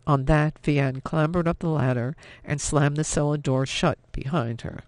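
A man narrating a novel as an audiobook, steady and measured. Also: on the high side, no echo.

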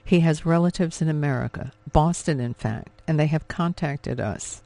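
A man doing an earnest, gentle persuader. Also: fairly high pitch, normal speed, close to an everyday voice.

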